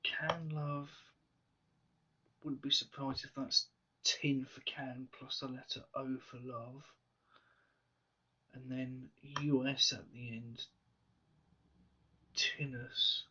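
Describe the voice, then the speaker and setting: A man solving a crossword aloud, musing slowly with half-whispered asides. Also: mid-range voice, completely flat delivery, bright, forceful tone, breathy edge, recorded from a distance. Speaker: crossword solver. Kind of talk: thinking aloud while solving. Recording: slightly dull lo-fi sound.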